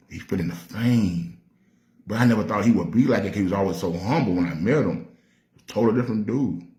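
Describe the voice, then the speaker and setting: A Nashville man with a Southern accent, a rapper spinning a story from his past. His voice sits low, and he talks loose and streetwise, swearing freely. The sound bounces around an echoey room. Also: darkish tone. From Nashville, Tennessee. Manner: streetwise, profane, acts out quoted voices. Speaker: rapper telling stories. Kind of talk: casual storytelling.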